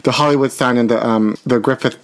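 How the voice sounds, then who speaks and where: A man's voice: medium pitch, fairly even intonation, fairly quick. A man hosting a comedy podcast, chatting in a flamboyant, dramatic way and calling people honey. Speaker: podcast host. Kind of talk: casual comedic chat.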